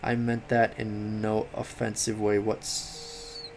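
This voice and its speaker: A tired young man giving late-night game commentary, rambling, swearing and yelling at the game. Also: fairly low pitch, monotone, takes it slowly, creaky, faint music behind. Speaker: gaming commentator.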